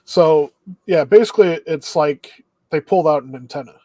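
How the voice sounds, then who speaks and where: A man co-hosting a podcast in casual chat, recapping the plot in a steady, easygoing way. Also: a little high, moderate pace, no echo. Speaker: podcast co-host.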